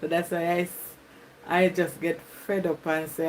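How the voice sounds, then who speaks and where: Jamaican woman chatting slowly on a live stream. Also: lowish voice, level tone, slight background noise, low-quality recording. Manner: chatty, reads comments aloud, laughs often. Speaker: YouTuber. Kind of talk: live stream chat with viewers.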